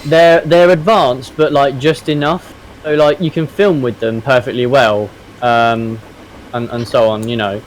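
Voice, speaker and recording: A man explains something casually on a stream, pausing with fillers and loose phrasing. His pitch sits in the ordinary middle range, with faint background noise. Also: fairly even intonation, rough recording. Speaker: stream participant. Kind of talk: casual group chat on a live stream.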